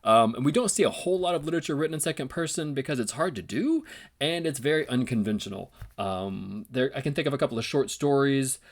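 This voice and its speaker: A male teacher speaks to camera in a relaxed, rambling way, full of ums and uhs. His pitch moves lively up and down as he gives tips for the classroom. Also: quick pace. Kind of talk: casual instructional video.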